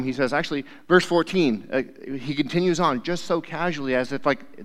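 A man's voice: mid-range voice, normal speed, few pauses, fairly bright tone. Youth pastor, male, mid-range voice, casual preacher who keeps asking "right?", in a big echoing hall. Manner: conversational, keeps checking in with "right?". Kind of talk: casual sermon. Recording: long hall reverb.

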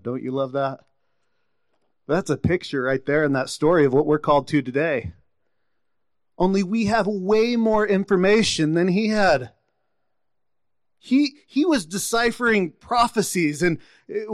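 A man's voice: high voice, no room sound. A man preaching a sermon, retelling scripture stories and acting out the quotes with rising intensity.

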